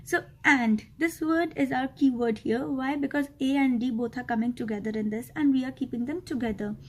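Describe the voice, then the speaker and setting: A woman's voice: sits high, fairly quick. A young woman teaching an exam-prep literature lesson, explaining step by step with many ums and uhs and checking in with "right?".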